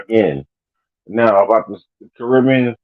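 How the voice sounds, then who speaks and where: A man's voice: on the low side, unhurried, no echo. A man co-hosting a casual podcast, telling a loose conversational story. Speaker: podcast co-host. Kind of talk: casual chat. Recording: tinny phone-like dry audio.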